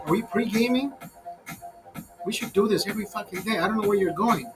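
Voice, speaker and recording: A man's voice: sits high, very fast, music in the background, low-quality recording. A man ranting casually to his viewers over a beer, profane and fired up, calling them brother. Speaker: host.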